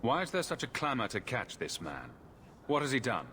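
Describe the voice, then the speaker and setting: A blunt, wary hero for hire. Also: male voice, medium pitch, sing-song, moderate pace, bright, forceful tone, big-room sound, a little hiss or hum. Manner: direct, questioning.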